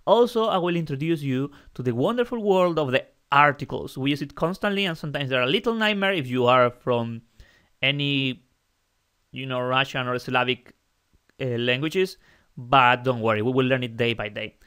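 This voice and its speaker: A man's voice: medium pitch, fairly bright tone, clear, resonant tone. Patient man explaining Spanish grammar. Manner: patient, explanatory, reads slowly. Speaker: Spanish teacher. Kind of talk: online language lesson.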